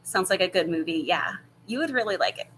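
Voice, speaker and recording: A woman's voice: lowish voice, lively intonation, brisk, a bit bright, a little hiss or hum, low-quality recording. A woman in her thirties hosting a casual live chat from home over her laptop, rambling and friendly with lots of fillers. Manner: chatty and rambling, many fillers and laughs. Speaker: channel host answering viewer questions.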